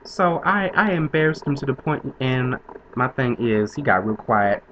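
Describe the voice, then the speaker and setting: A man's voice: mid-range voice, expressive, normal speed, highs cut off, noisy background. A man in his twenties telling a story to camera in a chatty, sassy way, with frequent laughs. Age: 20s. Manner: chatty, sassy diva flair, laughs often. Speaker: vlogger.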